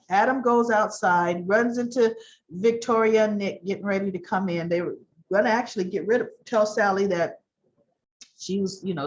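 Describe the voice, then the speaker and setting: A woman casually recapping soap opera episodes, chatty, often acting out the characters' lines in changing voices. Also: dull audio. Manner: chatty, acts out characters' lines with shifting pitch.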